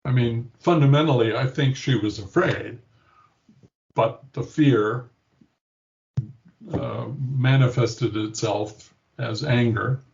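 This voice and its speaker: A man's voice: medium pitch, slow, vocal fry, long pauses, darkish tone, highs cut off. An older man, a grandfather, reflectively telling a personal story in an interview and acting out the quoted voices. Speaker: interview guest, patient.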